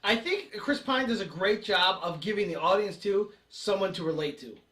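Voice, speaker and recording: A man's voice: high voice, animated, normal speed, a bit bright, reverberant, distant mic. A man co-hosting a casual movie review podcast, easygoing and hesitant. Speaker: podcast co-host.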